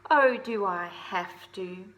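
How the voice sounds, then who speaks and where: A woman voicing a lazy little male owl chick in a storybook, whiny at times and shrill and urgent at others. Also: slow pace, fairly bright tone.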